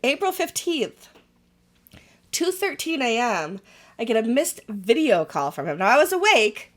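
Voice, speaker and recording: Woman podcast co-host, fairly high and very animated voice, wry and frank, acts out quotes. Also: a little slow. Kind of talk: casual podcast chat.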